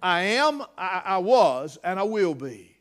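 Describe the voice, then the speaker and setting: A man preaching a sermon, swinging between hushed near-whispers and shouted emphasis. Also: high-pitched, very animated, slow pace.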